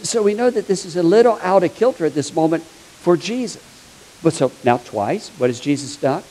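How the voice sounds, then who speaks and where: A man's voice: on the high side, lively intonation, normal speed, dark tone, rough recording. A man preaching a sermon as a pastor, telling stories in a chatty, humorous way. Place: church sanctuary.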